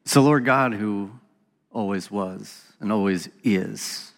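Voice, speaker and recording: A man's voice: fairly low pitch, takes it slowly, gravelly, in a large hall. A man hosting a reflective Bible study talk, reading scripture passages aloud in an earnest voice with casual asides. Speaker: podcast host teaching on scripture.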